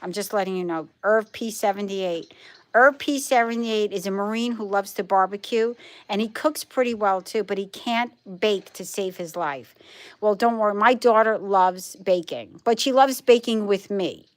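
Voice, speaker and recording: A woman's voice: medium pitch, moderate pace. A middle-aged woman with a Brooklyn accent, chatting casually with viewers on a livestream, emphatic and repeating herself. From Brooklyn, New York. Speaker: livestream host. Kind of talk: casual live chat with viewers.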